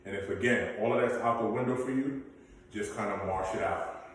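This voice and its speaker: A man's voice: fairly low pitch, fairly quick, slight background noise. A man leading a basic workout class, giving coaching cues and counting down the reps. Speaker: fitness instructor. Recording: very echoey room, mic far off.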